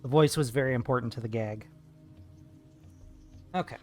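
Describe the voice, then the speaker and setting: A man's voice: mid-range voice, normal speed, darkish tone, faint music behind. A man streaming live while he paints, chatting with viewers in a playful, jokey way. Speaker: art streamer.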